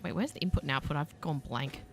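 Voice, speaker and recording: Chatty Australian woman, lowish voice. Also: fast talker, soft background music. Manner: thinks aloud while building, chatting to viewers; self-deprecating, laughs easily. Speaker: game streamer. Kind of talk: casual let's-play commentary. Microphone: desk mic, voice only without face cam.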